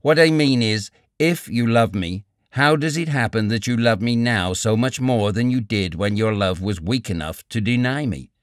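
A man's voice: mid-range voice, smooth, no room sound, clean studio sound, close to an everyday voice. A man reading a bitter, coolly reasoning young writer. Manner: measured, cool, argumentative. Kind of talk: audiobook character reading.

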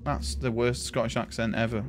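A man's voice: medium pitch, flat delivery, moderate pace, background noise. A man casually chatting and swearing while streaming a video game, calling his viewers "boys" and thanking them.

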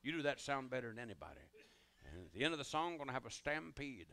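A man's voice: mid-range voice, big pitch swings, fast, gravelly, sharp tone. Folksy man telling stage stories. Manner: folksy, drawling, rambling asides to the audience. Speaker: comedian and musician on stage. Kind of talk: live stage comedy storytelling. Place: ballroom stage before a live audience.

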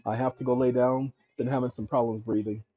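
A man hosting his own channel, walking viewers through legal paperwork on his screen in an emphatic way, often calling them "ladies and gentlemen" and checking in with "okay?". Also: mid-range voice, little pitch movement, brisk, husky. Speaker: channel host giving legal advice. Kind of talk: instructional screen-share talk. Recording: dull lo-fi recording.

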